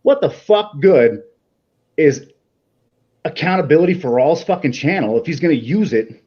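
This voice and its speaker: A man talks tough and swears freely as a guest on a live stream, combative and brash. His fairly high voice comes through dull, lo-fi call audio. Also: lively intonation, normal speed, mellow. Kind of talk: casual chat.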